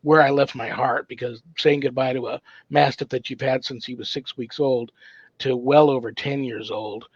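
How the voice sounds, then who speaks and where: A man hosting a paranormal talk show, interviewing a guest in an easygoing, halting way and greeting viewers. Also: medium pitch, steady tone, breathy edge, dry recording. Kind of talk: casual live interview. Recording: dull dry lo-fi sound.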